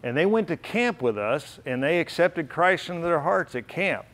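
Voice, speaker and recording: A middle-aged man speaks at a banquet hall, telling stories earnestly and from the heart. His voice sits a little higher than most men's. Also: expressive, normal speed, a bit bright. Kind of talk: storytelling speech.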